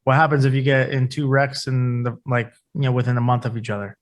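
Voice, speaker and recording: A man on a business podcast talks in a loose, offhand way, filling his sentences with "like" and tagging them with "right?". His pitch sits in an ordinary middle range. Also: level tone, fast. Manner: loose and conversational, many "like" and "right?" tags. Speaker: podcast co-host. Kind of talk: casual podcast chat.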